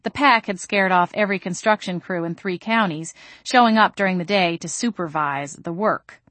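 A woman's voice: lowish voice, moderate pace, no echo. Wry woman narrating a story. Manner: wry, deadpan delivery. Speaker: audiobook narrator. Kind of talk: first-person audiobook narration.

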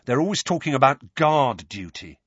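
A man reading an audiobook, voicing an awkward teenage boy who talks in a halting, offhand way. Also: mid-range voice, sing-song, husky, no room sound, highs cut off, pitched above the performer's own voice. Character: Ron, awkward teenage boy, a bit slow.

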